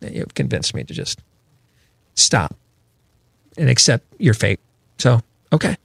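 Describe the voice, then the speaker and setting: A man's voice: mid-range voice, big pitch swings, a little slow, creaky, slightly rough, no echo, studio quality. A man hosting a political talk show, talking emphatically with rhetorical questions and frequent restarts.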